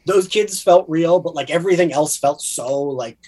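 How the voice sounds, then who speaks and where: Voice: medium pitch, moderate pace, dark tone, husky. A podcast co-host with a New Jersey accent, rambling in casual chat about a TV series with many fillers and restarts.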